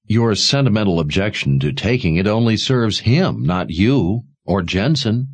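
A man's voice: on the low side, expressive, a little slow, breathy edge, no echo, pitched above the performer's own voice, exaggerated voice. A man reading aloud and voicing a ruthless, determined young warrior who talks bluntly and persuasively. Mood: calm, insistent.

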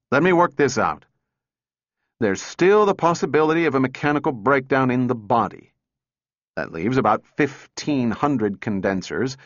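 A man voicing a gruff, sardonic senior male engineer who talks in a brisk, impatient way for an audiobook. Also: medium pitch, no echo, muffled recording, close to an everyday voice. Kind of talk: audiobook character reading.

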